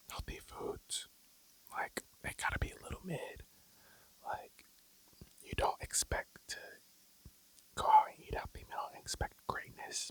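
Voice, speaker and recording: A young adult of about twenty talking in a breathy whisper through a mukbang ASMR video, casual and blunt, swearing and rambling between bites. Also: extremely high pitch, a bit bright, poor audio. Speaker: mukbang vlogger.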